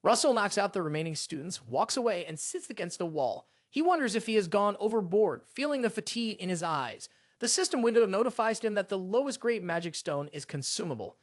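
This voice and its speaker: A storyteller recaps a fantasy comic in steady, scripted narration, the pitch roaming freely up and down while the pace holds even and runs a little fast. The sound is close and dry, with no room sound at all.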